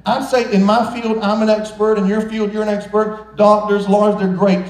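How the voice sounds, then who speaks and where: A man's voice: high voice, level tone, normal speed, a little mellow, echoey room, rough recording. A man preaching a sermon as pastor of a church, earnest and exhorting, breaking in with playful jokes. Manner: playful, joking asides between earnest exhortations. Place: large church sanctuary.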